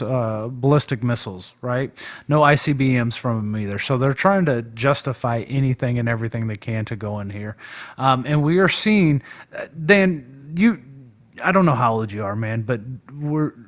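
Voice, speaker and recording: A man in a loose, informal political chat who rambles on from one point to the next. His voice has an ordinary middle pitch, and he keeps the conversation flowing in an easygoing, chatty way. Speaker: guest debater on a live stream. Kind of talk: casual political discussion.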